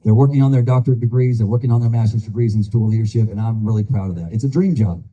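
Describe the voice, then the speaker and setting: A man's voice: fairly low pitch, very fast, mellow, breathy edge, muffled recording. An older man giving a folksy, earnest campaign speech, telling stories to a crowd of supporters. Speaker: political candidate.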